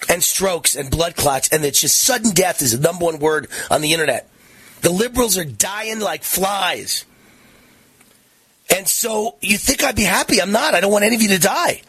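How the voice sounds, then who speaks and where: A man's voice: high voice, animated, normal speed, a bit bright, husky, dry recording. A man in his sixties hosting a political talk radio show, combative and mocking, his voice rising into sing-song taunts. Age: 60s.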